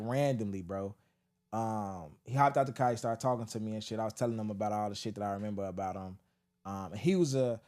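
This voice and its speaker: A man's voice: medium pitch, darkish tone. A man co-hosting a casual podcast, telling stories and acting out quotes, laughing often. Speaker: podcast co-host. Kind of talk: casual storytelling chat.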